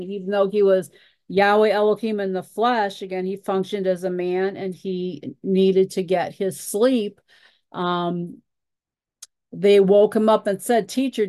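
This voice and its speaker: Woman teacher reading and explaining scripture, mid pitch, unhurried and halting, dry recording. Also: mellow, no echo. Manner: reads scripture aloud, pausing often with fillers and repeated "again". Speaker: Bible study teacher. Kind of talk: Bible study teaching.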